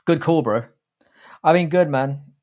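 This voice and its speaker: A man's voice: on the high side, measured pace, darkish tone. A man in his thirties hosting a livestream watchalong, talking to chat in a blunt, profane, rambling way. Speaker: livestream host. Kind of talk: casual livestream watchalong commentary.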